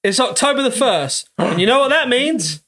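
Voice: medium pitch, sing-song, normal speed, a bit bright. A podcast host leading a casual comedy chat, teasing and giggly while explaining a word game. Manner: leads the segment, teasing and giggly.

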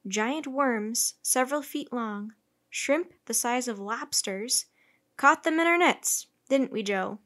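A woman's voice: a little high, slow, a bit bright. A woman voicing an eager, chatty male scientist on a ship in a storybook reading. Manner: enthusiastic, explaining. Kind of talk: storybook read-aloud.

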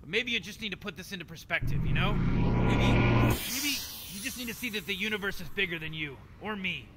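A man's voice: sits high, expressive, fairly quick, long reverb tail, very noisy. An actor playing a smug, scheming old male mad scientist in a video game, explaining things in a rambling, offhand way. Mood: dismissive soothing. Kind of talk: video game character dialogue.

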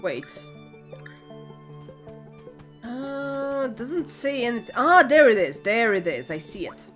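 A woman's voice: a little high, animated, slow pace, a bit bright, faint music behind. A woman commenting as she plays a video game, hesitant and thinking aloud, often correcting herself. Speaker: gaming video creator. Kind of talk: let's play commentary.

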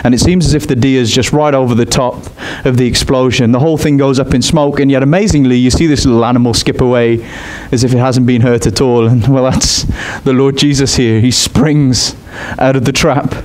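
A man preaching a sermon in an expressive way. He climbs high in pitch on his emphatic points. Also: brisk, hardly any pauses.

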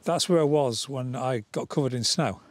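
Jokey, laughing man chatting outdoors in snow; middle pitch, dry and close. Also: normal speed, no room sound. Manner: jokey, laughs often, restarts sentences. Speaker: vlog co-host. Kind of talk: casual outdoor chat.

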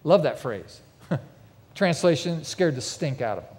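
A pastor delivers a sermon with vivid, emphatic storytelling, his voice a little high for a man, with lively intonation, a measured pace, and a darkish tone. A long reverb fills the sound, coming from a big church hall with a mezzanine.

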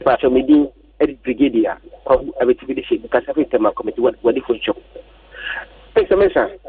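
Over a tinny, distant phone line, a man calls into a radio sports show and rants agitatedly about the national coach, repeating his complaints. His voice is medium in pitch with a breathy edge, he talks quickly, and there's no echo.

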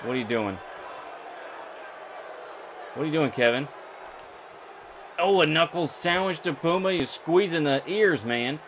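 Excitable young man playing a game. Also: on the high side, unhurried, long pauses, crowd noise, background noise. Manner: excitable, jokey, talks to viewers. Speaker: gaming YouTuber. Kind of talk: let's play commentary.

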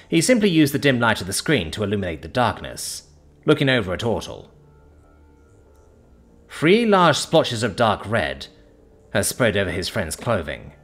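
A man reading a science fiction story aloud as narrator, in dramatic, expressive storytelling. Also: fairly low pitch. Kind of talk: scripted narration.

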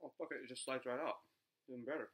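A man's voice: medium pitch, fairly even intonation, fast, very noisy. A man doing a casual eating vlog, talking with his mouth full between bites and swearing casually. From San Francisco Bay Area. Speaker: food vlogger.

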